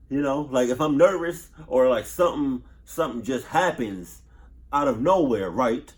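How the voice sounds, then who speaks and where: A man's voice: mid-range voice, lively intonation, normal speed. A man doing casual reaction commentary, nervous, profane and rambling, repeating himself as he stutters over his words. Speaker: reaction youtuber.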